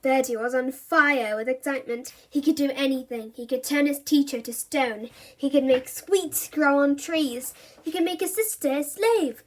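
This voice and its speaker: A woman reading a children's storybook aloud in an expressive, animated narrating voice. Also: high-pitched, normal speed, a little hiss or hum.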